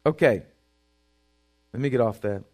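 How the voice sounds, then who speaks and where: A man's voice: medium pitch, measured pace, dark tone. A man preaching a sermon in an emphatic, folksy way, repeating his points and reading Bible verses aloud.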